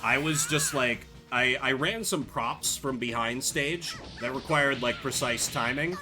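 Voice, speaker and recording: A man's voice: mid-range voice, unhurried, music in the background. A young man streaming a game, telling rambling stories full of fillers in a casual chat. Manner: chatty, rambling storytelling with many fillers. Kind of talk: casual gameplay commentary.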